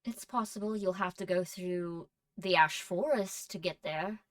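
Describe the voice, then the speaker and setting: A woman running a tabletop role-play as game master, narrating scenes in a measured, descriptive way. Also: fairly low pitch, no echo, distant mic.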